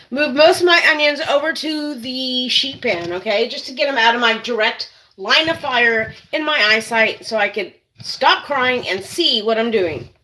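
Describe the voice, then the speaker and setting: The audio here is poor, with a bit of hiss or hum. A woman with a sharp, high-leaning voice hosts a cooking channel, working in her kitchen and chattily talking to viewers, whom she keeps calling "you guys."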